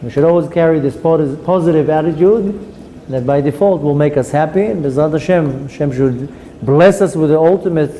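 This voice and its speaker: A man's voice: on the high side, a little fast, dark tone. Male rabbi giving a class; emphatic, repetitive delivery, faint background noise. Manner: emphatic, repeats phrases with hesitations. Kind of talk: Torah class. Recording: long hall reverb, faint noise.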